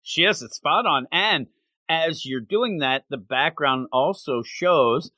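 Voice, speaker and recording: A man's voice: on the high side, animated, slow pace, pushed and bright, no room sound. A man co-hosting a manga review podcast, retelling the story in casual chat and acting out the characters' lines.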